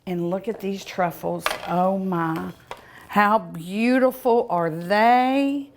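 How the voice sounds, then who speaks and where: A woman's voice: mid-range voice, a little hiss or hum. Leisurely woman cooking-show host, folksy and chatty, lingering over each taste with long mms. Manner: savoring, lots of drawn-out mms and ohs. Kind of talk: casual cooking show tasting. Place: outdoors at home by the pool.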